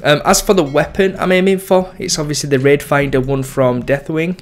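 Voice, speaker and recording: A man's voice: a little high, steady tone, fairly quick. A young man giving casual, rambling commentary over his game, full of ums and self-corrections. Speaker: gaming YouTuber.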